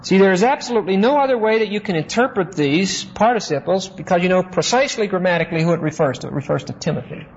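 Guy preaching verse by verse in a church, kinda high voice, old muffled tape w/ faint hiss. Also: animated. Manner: measured teaching with rhetorical questions, stretches key words slowly. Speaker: pastor teaching a Bible study. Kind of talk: expository sermon.

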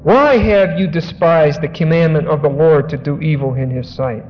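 A man preaching, his voice fairly high for a man and rising hard on his emphatic points. He reads scripture and drops plain explanations between the verses. The recording is dull and lo-fi, with a long reverb trailing each phrase as in a big hall. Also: normal speed. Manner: emphatic, rises in pitch for stressed points, asides between scripture readings. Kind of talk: sermon, expository Bible teaching. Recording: dull lo-fi audio in a large echoing hall.

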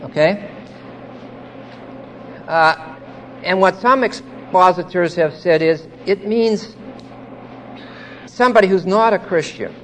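A man's voice: high-pitched, slow, long pauses, a bit bright, slight background noise. A man teaching a Bible passage verse by verse, explaining it patiently, checking in with his listeners and stressing key words emphatically.

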